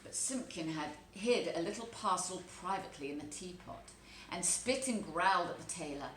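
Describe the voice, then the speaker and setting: A woman teacher reading a children's storybook aloud, telling it with expressive, animated delivery. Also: fairly low pitch. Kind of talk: storybook read-aloud narration. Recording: echoey room, faint background noise.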